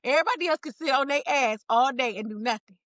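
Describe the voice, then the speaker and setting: A woman's voice: sits high, fast, dry recording. Candid woman guest, dry close sound. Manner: candid and relaxed, laughs often, rambling restarts. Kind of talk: casual chat.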